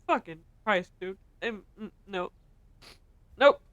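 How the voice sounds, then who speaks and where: A woman's voice: medium pitch, animated, slow pace, fairly bright tone, dry recording, dull audio. A young woman streaming as she reads a visual novel aloud, emotional, laughing and swearing as she reacts.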